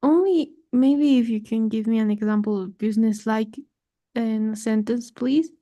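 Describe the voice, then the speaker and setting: A woman's voice: a little high, normal speed, dark tone. A woman learning English in a tutoring session, reading sentences aloud carefully and hesitantly. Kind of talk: lesson practice.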